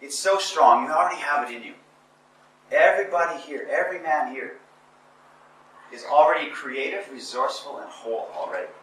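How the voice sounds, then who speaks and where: Addressing a seminar audience, a man gives a motivational talk that's emphatic and repetitive, with stammering restarts. His voice is on the high side, expressive and a bit bright, and he speaks a little fast. He's recorded from far off in an echoey room.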